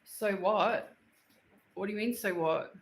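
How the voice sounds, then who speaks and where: An Australian woman streams casually from her home, joking with viewers in slang as she makes her way into the kitchen. She speaks slowly in a mid-range voice, picked up by a roomy home recording.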